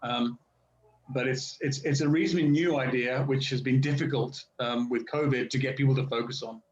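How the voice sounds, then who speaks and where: Englishman talking slowly on a muffled call. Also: mid-range voice, fairly even intonation. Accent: standard southern British English. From England. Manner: speaks slowly and deliberately with many restarts. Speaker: guest speaker in a language-learning video call. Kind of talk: casual conversation. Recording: roomy, muffled video call audio.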